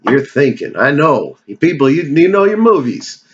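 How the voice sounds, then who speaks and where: A man's voice: fairly high pitch, sing-song, normal speed, lo-fi sound. A man giving a casual, rambling movie countdown, joking and cursing as he goes off on tangents. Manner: digressive, profane, joking. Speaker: movie review vlogger.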